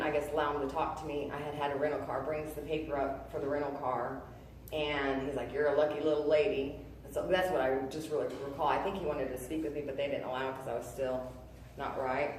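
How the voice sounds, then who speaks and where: A woman in her thirties giving a personal testimony, earnest and halting, full of fillers and restarts. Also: deep voice, slight background noise. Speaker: testimony speaker. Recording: echoey room, voice from a distance.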